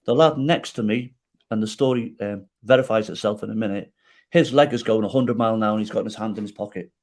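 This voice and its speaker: Talking fast in a lowish voice, this middle-aged man shares a personal story as a guest on a podcast. He performs the dialogue he quotes with animation and keeps tossing in "right?" to check in with the listener.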